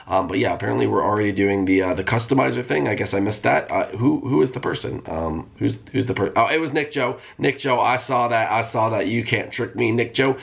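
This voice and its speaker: A man hosting a gaming video, giving excitable live commentary that jumps into squeals and shouts. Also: on the low side, vocal fry. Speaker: gaming channel host.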